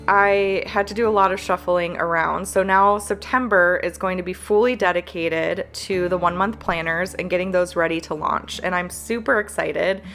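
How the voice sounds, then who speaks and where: A woman in her thirties with a small business, talking candidly to camera, earnest and halting with fillers. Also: fairly low pitch, fairly bright tone. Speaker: planner business owner.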